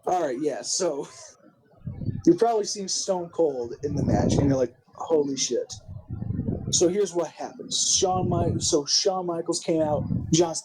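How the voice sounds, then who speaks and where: A man's voice: fairly high pitch, unhurried, reverberant, background noise. A man hosting a casual chat, recapping a wrestling show, rambling, restarting his sentences and swearing often.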